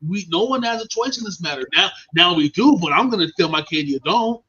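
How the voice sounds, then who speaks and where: A man hosting a podcast, telling stories in a casual, animated and profane way. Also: high voice, a little fast, a little hiss or hum. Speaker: podcast host. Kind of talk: casual storytelling chat. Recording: dull lo-fi stream audio.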